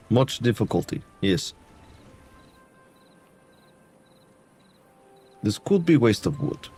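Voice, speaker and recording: Streamer hamming up a mock-serious Eastern European accent, deadpan broken English, husky tone. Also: male voice, medium pitch. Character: adult man with a hammy, broken-English Eastern European put-on. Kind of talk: playful accent bit while live-streaming a game.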